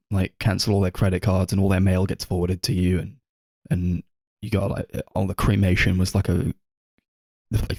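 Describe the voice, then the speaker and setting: A man's voice: deep voice, mellow, no echo. A man co-hosting a casual film podcast, talking in a rambling way full of fillers and quoted asides. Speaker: podcast co-host.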